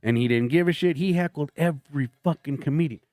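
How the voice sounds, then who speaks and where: A man's voice: a little high, fast talker, dry recording. A man, a stand-up comedian, telling profane stories in casual chat and acting out the voices of the people in them. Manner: animated, profane, acts out voices in his stories.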